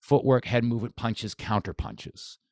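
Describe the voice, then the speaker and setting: A man's voice: medium pitch, animated, moderate pace, vocal fry, a little mellow, dry recording, clean studio sound. A man, a boxing coach talking as a podcast guest, eager and repetitive, restarting his sentences often. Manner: enthusiastic, repeats phrases, many restarts. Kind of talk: casual podcast conversation.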